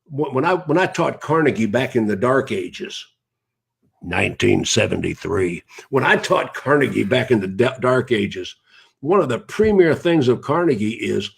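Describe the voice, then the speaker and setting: Older guy rambling on a live stream, kinda husky, chatty, keeps wandering off topic. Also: mid-range voice. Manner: rambling, greets viewers by name mid-thought. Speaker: host of a live broadcast.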